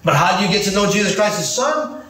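A pastor preaches with high, lively inflection, teasing his congregation between points. The recording is distant and echoey, like a church hall heard from the back. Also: fast. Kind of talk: sermon.

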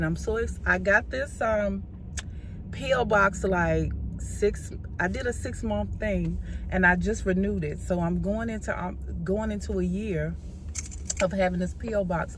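A woman chatting excitedly in a casual vlog, saying "y'all" a lot. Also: lowish voice. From Georgia, US. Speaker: vlogger. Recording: noisy background.

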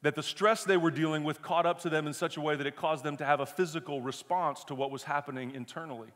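A man's voice: on the high side, fairly even intonation, fast, fairly bright tone, long reverb tail. A man preaching a sermon as pastor, conversational and emphatic, with self-deprecating humor.

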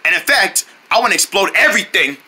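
A mischievous armadillo villain, voiced by a performer, in a homemade cartoon, gleeful and stubborn about blowing things up. The voice sits a little low, with a sharp, tense brightness and a husky grain. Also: sing-song, fast, heavily acted. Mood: gleeful mischief. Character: mischievous armadillo villain who loves explosions.

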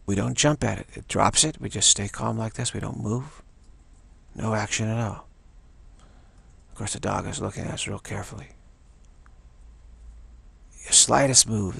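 A man giving a slow, repetitive dharma talk as a spiritual teacher, often restarting and chanting a soft "wow" refrain. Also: on the low side, no room sound. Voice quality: gravelly and husky.

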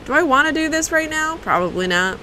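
A woman streams a video game and reacts with curses and quick asides to her chat. Her voice sits a little high and bright, and she speaks slowly. A faint hiss runs under the mic. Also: animated, rough recording. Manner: profane, reactive, talks to chat. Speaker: livestreamer playing a video game. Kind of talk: casual live gameplay commentary.

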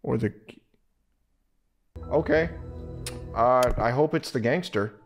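A man hosts a let's-play video, offering animated, joking commentary with sarcastic asides as he plays. His mid-range voice moves slowly, with faint music behind it.

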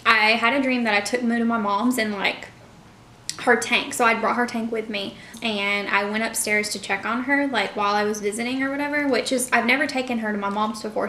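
A woman's voice: fairly high pitch, bright, forceful tone, echoey room, slight background noise. A young woman chatting casually to her viewers in a mukbang vlog, full of fillers like "like" and "you know". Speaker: vlogger. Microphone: camera mic.

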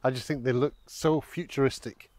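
A man's voice: medium pitch, fairly even intonation, normal speed, a little mellow, dry recording. A man narrating a casual walking vlog outdoors in open countryside, chatty and rambling, a little out of breath on the climbs. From Scotland. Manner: chatty, rambling, self-deprecating. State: out of breath on an incline. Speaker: vlogger on a countryside hike.

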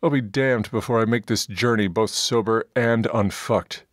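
A man voicing a gruff, bullying male dwarf priest in an audiobook, scornful and pompous. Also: fairly low pitch, moderate pace, no room sound, clean studio sound, voice pushed up, lightly acted. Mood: boisterous.

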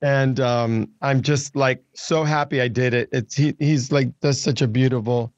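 A man's voice: mid-range voice, fairly even intonation, normal speed, dry recording, lo-fi sound. A man in his seventies chatting as a guest, laughing easily and restarting his sentences. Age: 70s. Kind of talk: casual chat.

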